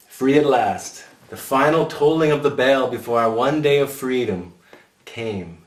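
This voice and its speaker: A man narrating his own memoir in a dry, wry storytelling voice. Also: medium pitch. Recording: roomy sound from a distant mic.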